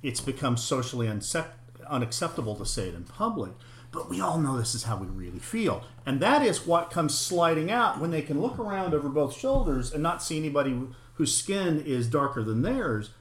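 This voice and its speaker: A middle-aged man in a casual, frank discussion, swearing freely and talking with animated emphasis. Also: fairly high pitch, fairly quick, echoey room, a little hiss or hum. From United States, parents from Oklahoma and Arkansas.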